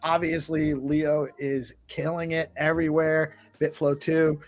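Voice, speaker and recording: A man's voice: on the high side, level tone, a little slow, soft background music. A man hosting a casual live audio chat, upbeat and enthusiastic. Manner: upbeat, enthusiastic, laughs often. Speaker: host.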